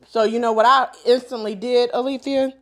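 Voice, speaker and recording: A middle-aged woman hosting a live sewing stream, telling stories in animated, colloquial casual chat and laughing often. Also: a little high.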